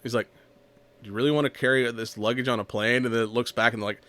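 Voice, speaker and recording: A man's voice: medium pitch, steady tone, quick pace, a bit bright. A man casually recapping a movie on a podcast, rambling, laughing often and acting out the lines. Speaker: podcast co-host.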